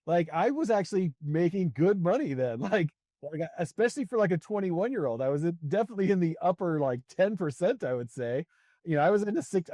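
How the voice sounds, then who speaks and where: A man's voice: a little high, warm tone, no echo, studio quality. A man in his forties, a podcast guest, telling a story in a chatty way, laughing often and using lots of fillers. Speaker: podcast guest, sales coach. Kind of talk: casual storytelling conversation.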